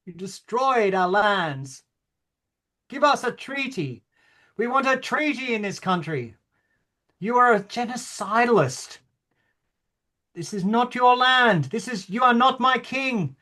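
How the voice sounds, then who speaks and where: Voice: mid-range voice, expressive, slow, long pauses, sharp tone. A performer reading the part of a bewildered, indignant king in a play rehearsal, stammering now and then. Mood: solemn. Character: bewildered, pompous king of Australia. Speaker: actor in rehearsal.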